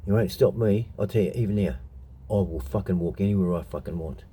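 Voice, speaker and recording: A middle-aged Australian man rants in an unscripted monologue, blunt and full of swearing. His voice sits low, with a very dark, mellow tone and a husky edge. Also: normal speed. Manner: blunt, heated, profane ranting. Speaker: show host telling stories.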